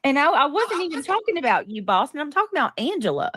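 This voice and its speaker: A woman's voice: high voice, sing-song, fast talker, a bit bright, dry recording, clean studio sound. A woman hosting a live-stream chat, talking in an indignant, profane way and repeatedly demanding answers. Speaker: livestream host.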